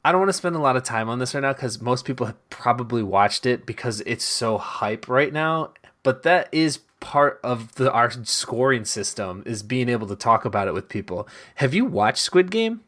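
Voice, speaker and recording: A man's voice: mid-range voice, expressive, moderate pace, hardly any pauses, a bit bright. A man hosting a podcast, talking at length in a casual, chatty way with many fillers. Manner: talkative, recommends with filler words. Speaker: podcast host. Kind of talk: casual chat.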